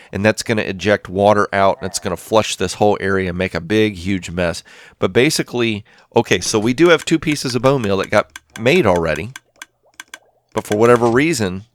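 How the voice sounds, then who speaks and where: A man's voice: fairly low pitch, no echo. Rambling man narrating his own gameplay. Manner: rambling, self-talking, thinks aloud. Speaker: Minecraft let's play host. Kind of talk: casual gameplay commentary.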